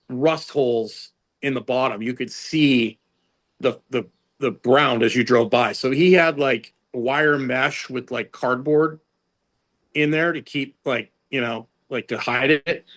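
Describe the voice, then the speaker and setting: A middle-aged strength and conditioning coach, appearing as an interview guest, tells stories in a loose, chatty way packed with "like" and "you know." His mid-range voice jumps higher whenever he quotes someone, and he often restarts his sentences.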